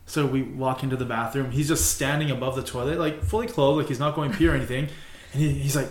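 A man's voice: mid-range voice, steady tone, quick pace. Wry man telling a story, echoey room. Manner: wry, joking asides, swears freely. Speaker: podcast co-host. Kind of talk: casual storytelling chat.

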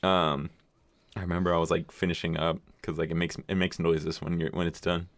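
Young male co-host, deep voice, crude and laughing storyteller, dry recording. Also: level tone, a little fast, no echo. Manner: swears freely and laughs through his stories. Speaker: co-host telling stories. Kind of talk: casual chat.

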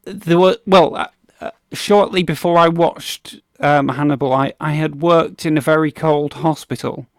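A man on a podcast talks in a rambling, hesitant way, restarting his sentences and laughing now and then. His voice sits a little high for a man and has a gravelly edge, and it is picked up dry and close. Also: steady tone, unhurried, dry recording. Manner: rambling, many restarts and ums, laughs often. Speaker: podcast host. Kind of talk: casual podcast chat.

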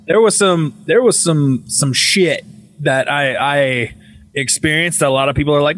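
A young man, his voice sitting somewhat high for a man, tells a ghost story in a loose podcast conversation. He swears freely, trips over words and starts again, and lifts his voice sharply whenever he quotes what he said back then. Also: moderate pace. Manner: animated, swearing, restarts and quotes himself in a raised voice. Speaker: podcast guest telling ghost stories. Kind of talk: casual storytelling chat.

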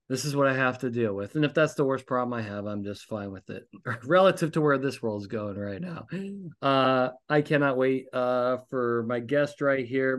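A man in his forties hosting a podcast, telling a story as an exasperated, animated rant with sudden rising outbursts. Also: medium pitch. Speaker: podcast host. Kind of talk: casual ranting monologue.

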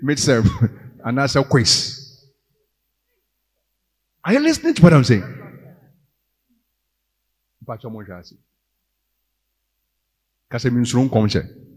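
A man with a Ghanaian accent preaching a sermon, moving between English and Twi and rising to loud, emphatic calls. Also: mid-range voice, in a large hall. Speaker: pastor.

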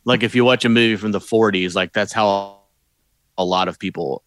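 A man's voice: on the low side, moderate pace, a bit bright, no echo. A man in casual conversation, thinking aloud about a movie in a hesitant, thoughtful way. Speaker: podcast co-host.

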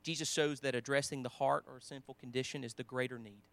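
A man preaching a sermon in a conversational way, with restarts, quoting scripture, swinging between emphatic lines and quiet asides. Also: mid-range voice, fairly even intonation, quick pace, gravelly.

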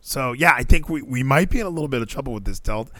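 A man hosts a podcast, chatting in a loose, rambling way with plenty of jokes and animated energy. His voice sits at medium pitch, he talks fast, and the recording is dry.

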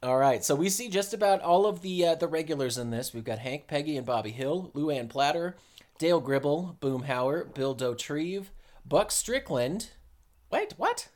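A young man co-hosting a relaxed podcast in a loose, joking way. He laughs easily and sometimes slips into a playful drawl. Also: a little high, normal speed. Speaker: podcast co-host. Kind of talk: casual podcast chat.

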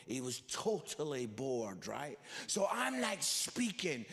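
In a large hall, a preacher tells comic stories within his sermon, slipping into the voices of the characters. His fairly bright voice is high for a man, sing-song and slow with vocal fry, swinging widely in pitch, and a long reverb trails every line.

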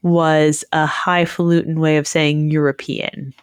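A woman with a notably low voice chats through a quiz show recap, with plenty of fillers and restarts. The sound is dry and close, with no room in it. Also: level tone, unhurried, clean tone, no room sound. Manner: chatty, with frequent fillers and self-corrections. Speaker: podcast co-host.

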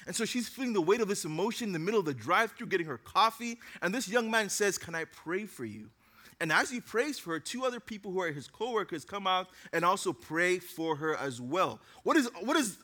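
Bright high-voiced male preacher. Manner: energetic, conversational, joking asides. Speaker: youth pastor. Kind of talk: casual sermon.

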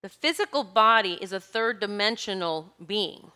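A woman's voice: medium pitch, expressive, normal speed, sharp tone, clean tone. A woman giving a casual spiritual talk, rambling and searching for words, with laughs between her thoughts. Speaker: spiritual speaker.

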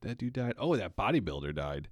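A young man co-hosting a podcast, talking in a crude, profane, deadpan teasing way. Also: lowish voice, a little fast, dry recording, studio quality. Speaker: podcast co-host. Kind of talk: crude casual chat.

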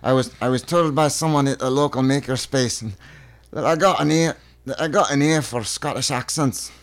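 A male podcast co-host with a mid-range voice, speaking in halting bursts full of fillers. He clears his throat often before going on. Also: mid-range voice. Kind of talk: casual podcast banter.

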